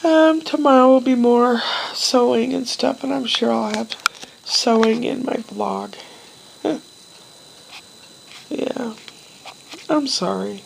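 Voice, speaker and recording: A middle-aged woman talks to her vlog camera at an unhurried, drawn-out pace. Her voice is heavily gravelly with vocal fry. She wanders from story to story in a wistful, meandering way, pausing often. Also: a little high, noisy background. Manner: slow, meandering, wistful, with pauses and trailing sighs. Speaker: vlogger. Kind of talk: casual personal vlog, rambling storytelling.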